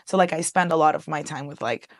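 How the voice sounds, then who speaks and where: A woman in her twenties from Colombia talks animatedly in a casual interview, laughing often and switching between English and Spanish. Her voice sits low and has a gravelly edge. The sound is dry and close. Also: fast, no echo. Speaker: interview guest.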